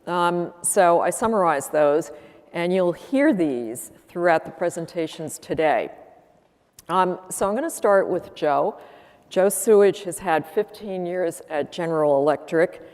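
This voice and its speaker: Woman, panel moderator, low voice, measured delivery, long hall reverb. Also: lively intonation, darkish tone. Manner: measured, with frequent fillers. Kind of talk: conference panel introduction. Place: conference room with audience.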